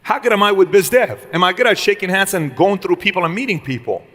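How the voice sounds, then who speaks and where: Guy doing a motivational talk to a crowd, fires off rhetorical questions, kinda high voice. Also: expressive, quick pace, a bit bright, in a large hall. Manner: punchy, rhetorical questions, acts out dialogues. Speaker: motivational speaker. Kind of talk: live motivational speech to an audience.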